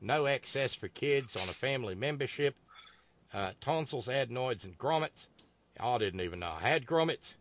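A man's voice: medium pitch, expressive, normal speed. A man hosting a casual political talk show, reading a listener's note aloud with dry asides. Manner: reads figures aloud with dry asides, some stammering. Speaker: host.

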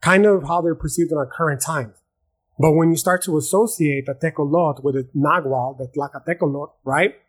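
Husky-voiced man hosting a podcast. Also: fairly high pitch, moderate pace. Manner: loose and profane, slangy, calls listeners "dog"; explains at length with many fillers and restarts. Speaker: podcast host. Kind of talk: casual solo podcast lecture.

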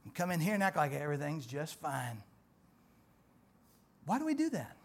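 A man's voice: wildly swooping pitch, normal speed, vocal fry. Folksy preacher in his forties. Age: 40s. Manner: folksy, conversational preaching that swells louder and higher on emphatic points. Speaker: pastor. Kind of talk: sermon. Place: church.

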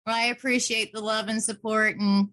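A woman's voice: a little high, flat delivery, moderate pace, bright, forceful tone. Brash, foul-mouthed woman caller. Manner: brash, profane, defiant. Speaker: guest caller. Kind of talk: casual chat.

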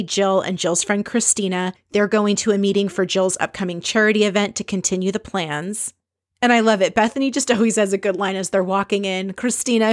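A chatty woman recaps a reality show in an easy, conversational way. She is opinionated and often slips into little impressions of the people she is describing. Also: medium pitch. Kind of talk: casual recap chat.

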